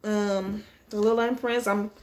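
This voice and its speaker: A young woman chatting casually on her reading vlog, dramatic and expressive, full of slang. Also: mid-range voice, unhurried. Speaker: book-reading vlogger.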